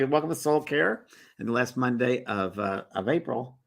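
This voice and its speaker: A middle-aged man hosting a spiritual livestream, chatting casually and greeting viewers in a relaxed, rambling way. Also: mid-range voice, normal speed, gravelly. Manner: relaxed and rambling, with many fillers and restarts. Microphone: phone or webcam held by the speaker.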